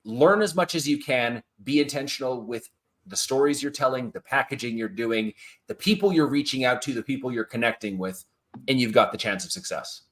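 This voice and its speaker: A man's voice: medium pitch, brisk. A man as a guest author on a podcast recorded over a video call, talking casually and emphatically. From French Canadian family name. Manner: animated, emphatic advice-giving.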